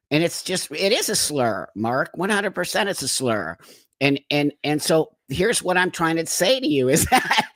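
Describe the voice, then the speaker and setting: A man's voice: fairly high pitch, a bit bright, no echo. Chatty man hosting a live stream, dry sound. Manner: chatty, laughs often, keeps checking in with "okay?"; frank, emphatic. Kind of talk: casual talk to viewers.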